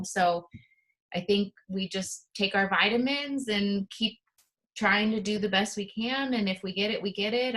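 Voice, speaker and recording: American woman, 30s, bright tone, rambling personal interview answers. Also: medium pitch, poor audio. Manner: rambling, emotional storytelling. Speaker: interviewee, dental hygienist. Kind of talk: casual interview conversation.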